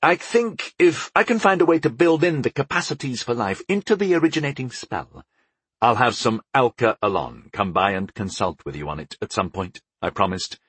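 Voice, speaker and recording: A man's voice: mid-range voice, animated, moderate pace, fairly bright tone, husky, no room sound. A man voicing a young, mischievous and smug male enchanter in an audiobook, with a knowing, playful delivery. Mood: eager. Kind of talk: audiobook character voice.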